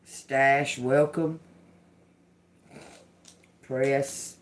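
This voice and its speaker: A man hosting a live psychic reading, slowly and haltingly repeating single words aloud as he interprets them. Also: medium pitch, little pitch movement. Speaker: livestream psychic reader. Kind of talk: live spirit-box and card reading.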